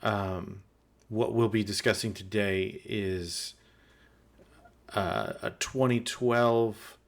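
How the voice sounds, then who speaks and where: Male podcast host, low voice, relaxed conversational delivery. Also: drawn-out words, creaky. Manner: conversational, thoughtful, occasional repeated words. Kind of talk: podcast interview.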